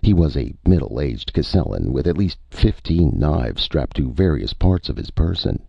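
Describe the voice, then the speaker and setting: A man narrating a science fiction story in a measured, expressive audiobook manner. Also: a bass voice, vocal fry, slightly rough, no echo, muffled recording.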